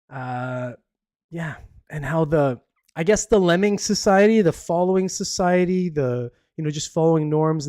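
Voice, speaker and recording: In a studio-quality recording with no room sound, a man with a higher, slightly mellow voice runs a podcast alone. He talks casually and opinionatedly about the news, rambling with lots of fillers and restarts.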